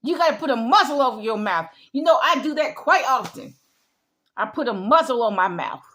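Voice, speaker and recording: A woman's voice: on the high side, lively intonation, fairly quick, bright, forceful tone. A middle-aged woman giving an emphatic opinion monologue, repeating her points in a lecturing way. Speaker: vlogger.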